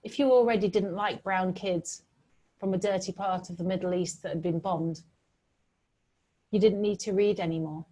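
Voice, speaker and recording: A middle-aged woman from Britain giving a talk with slides, telling stories in an earnest, animated way. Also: on the low side, moderate pace. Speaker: public speaker.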